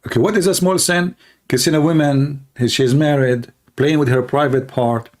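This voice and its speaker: A man arguing in a heated livestream debate, challenging listeners in broken, non-standard English and clearing his throat often. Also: fairly high pitch, steady tone, moderate pace.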